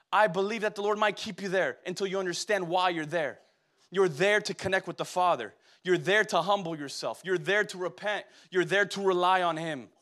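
A man's voice: high voice, pushed and bright. A young man preaching a sermon, exhorting the church directly and asking call-and-response questions.

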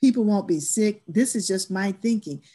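A woman's voice: mid-range voice, animated, normal speed, mellow. A woman who leads church stewardship, talking earnestly and emphatically in a church discussion class.

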